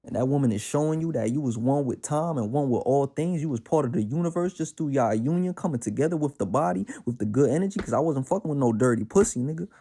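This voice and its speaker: A man's voice: medium pitch, lively intonation, quick pace, few pauses, dark tone. A man from the Bronx with a New York accent, musing in a slangy, streetwise way during a casual spiritual monologue at home. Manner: slangy, reflective, streetwise talk with many fillers. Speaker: podcast host. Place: at home with his cat.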